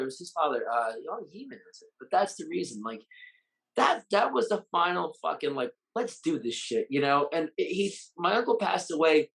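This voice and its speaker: Gravelly, emotional, foul-mouthed man. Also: fairly high pitch, a bit bright, rough recording. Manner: blunt, heavily profane, openly emotional. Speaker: Muay Thai fighter and coach. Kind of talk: candid interview.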